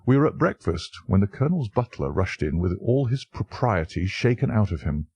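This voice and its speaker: Male audiobook narrator, low and husky, dry studio sound. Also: sing-song, normal speed, hardly any pauses, a little mellow, dry recording. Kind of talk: scripted narration.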